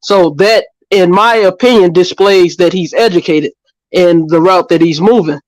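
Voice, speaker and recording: A man's voice: high-pitched, normal speed, no room sound, poor audio. A man in a barbershop talk, arguing earnestly and insisting on his point, repeating himself when challenged. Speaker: barbershop panelist. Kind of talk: casual debate.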